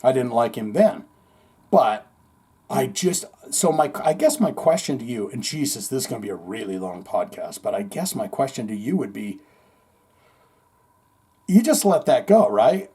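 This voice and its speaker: Rambling, cursing podcast host. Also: male voice, medium pitch, normal speed, husky. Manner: rambling, profane, animated storytelling with acted-out quotes. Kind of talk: casual storytelling monologue.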